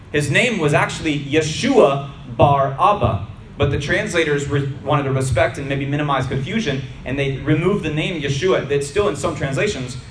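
Man preaching, conversational and emphatic, fairly high-pitched, echoing church hall, faint background noise. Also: far from the mic. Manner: conversational, emphatic, addresses the audience directly. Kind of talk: sermon, reading and explaining scripture. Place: church hall before a congregation. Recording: roomy hall with faint ambience.

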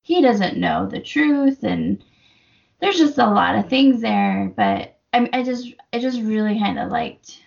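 Female podcast co-host, casual and giggly, gravelly tone, dull lo-fi recording. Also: medium pitch, animated, measured pace, darkish tone. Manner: chatty, laughs often, lots of fillers. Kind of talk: casual book discussion.

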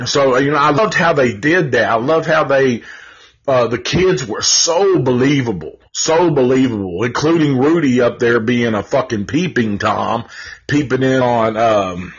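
A man's voice: mid-range voice, a little slow, husky, muffled recording. A man giving a casual live movie review, rambling and swearing freely, with lots of fillers and restarts.

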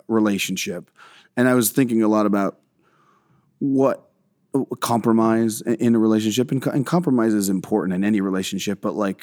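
A low-voiced man talks loosely as a guest on a podcast, swearing casually and circling back on his sentences. The sound is dry and close, with no room around it. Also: darkish tone, no echo. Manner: rambling, profane, self-deprecating, many restarts. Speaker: filmmaker guest.

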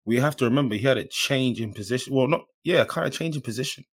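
A man's voice: medium pitch, fast. A man co-hosting a football podcast, laid-back and slangy in his banter. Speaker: podcast co-host. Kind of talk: casual football chat.

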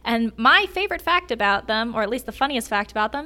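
A woman's voice: fairly high pitch, brisk, few pauses, bright, forceful tone. A woman guesting on a podcast, telling enthusiastic stories about animals and laughing as she goes. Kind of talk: casual storytelling chat.

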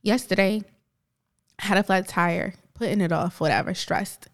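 A woman from New Jersey co-hosts a casual podcast, talking in an animated, encouraging way. She laughs easily and slips into the voices of people in her anecdotes. Her pitch sits in the middle for a woman. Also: normal speed. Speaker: podcast co-host. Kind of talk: casual motivational storytelling.

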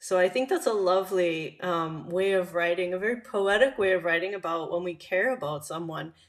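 A woman giving a reflective talk on a story, speaking softly and thoughtfully with some hesitations. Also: on the low side, moderate pace. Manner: soft, thoughtful, hesitant with fillers.

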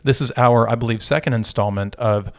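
A man's voice: medium pitch, fairly quick, vocal fry. A middle-aged man co-hosting a podcast, chatting casually and joking, rambling with restarts. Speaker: podcast co-host.

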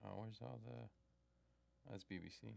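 A man's voice: on the low side, moderate pace, gravelly, darkish tone, dry recording, studio quality. A man co-hosting a podcast in casual chat, explaining news stories with lots of fillers and restarts. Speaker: podcast co-host.

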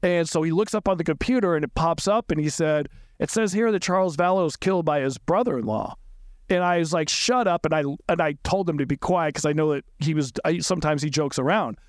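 High-voiced man recounting a painful story. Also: no echo, studio quality. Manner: halting, repeats and restarts words, rises sharply when upset. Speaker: podcast guest recounting events. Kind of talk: emotional personal recollection.

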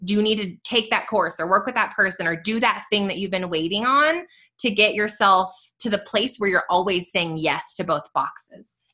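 A woman's voice: mid-range voice, moderate pace, sharp tone. A woman in her thirties hosting a live tutorial, chatty and upbeat as she encourages her listeners. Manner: chatty and upbeat, full of "like" and "you guys". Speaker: host teaching a faith journal.

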